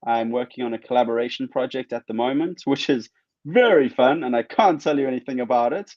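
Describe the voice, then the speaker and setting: A man in a casual interview, talking fast and excitedly, with his thoughts running into each other. The sound is dull and a bit muffled, and it is dry and close, with no room echo. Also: mid-range voice. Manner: animated, rambling, excitable. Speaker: guest artist.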